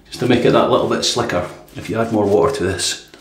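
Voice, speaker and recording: A man giving a casual running commentary while he shaves in a bathroom, talking quietly and thinking aloud with lots of fillers. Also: on the low side, quick pace. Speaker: shaving video host. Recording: echoey bathroom with faint noise.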